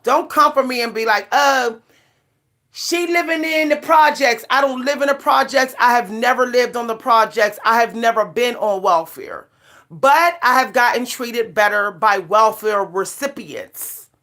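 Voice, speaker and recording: Woman, middle-aged, fairly high pitch, emphatic, repetitive, casual vlog rant. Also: moderate pace, pushed and bright. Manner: emphatic, repetitive, punchy refrains. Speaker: vlogger.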